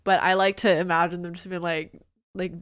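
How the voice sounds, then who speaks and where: A woman's voice: on the low side, level tone, fairly quick, a bit bright, smooth. A woman co-hosting a casual podcast, rambling with many fillers and breaking into playful squeals. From Filipino family. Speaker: podcast co-host. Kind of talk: casual chat.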